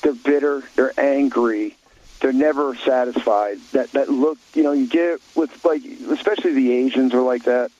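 A man's voice: medium pitch, moderate pace, a little mellow, lo-fi sound. A man talking bluntly in an opinionated talk show chat, rambling with many restarts and fillers.

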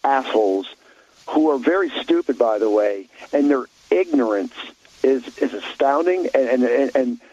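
A man's voice: medium pitch, expressive, normal speed, darkish tone, muffled recording. A man talking bluntly in an opinionated talk show chat, rambling with many restarts and fillers.

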